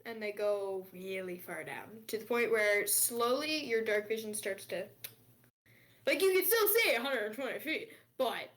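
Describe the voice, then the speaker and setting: A woman's voice: mid-range voice, animated, a little slow, a bit bright. A woman narrating as game master of a tabletop game, giggly and rambling, often stumbling over her words.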